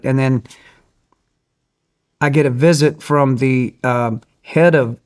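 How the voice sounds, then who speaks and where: A man's voice: mid-range voice, unhurried, long pauses. A man, a guest in an interview, telling a story with energy and acting out other people's voices. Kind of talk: animated storytelling.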